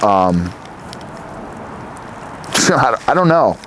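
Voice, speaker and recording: A man's voice: on the low side, extremely slow, a little hiss or hum. Rambling, profane man telling stories. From New Jersey. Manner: rambling, profane, animated storytelling. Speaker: guest, company founder. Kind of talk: casual interview conversation.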